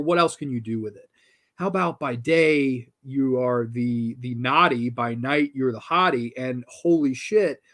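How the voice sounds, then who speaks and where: A man hosting a horror film review show, talking casually and enthusiastically, with casual swearing and lots of restarts. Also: medium pitch.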